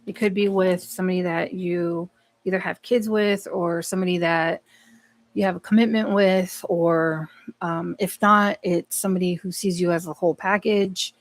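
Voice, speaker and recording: A woman's voice: on the low side, fairly even intonation, normal speed, dry recording. A woman giving a live tarot reading in a casual, blunt way, swearing often and talking back to the cards. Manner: blunt, profane, talks to the cards and to herself. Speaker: tarot card reader.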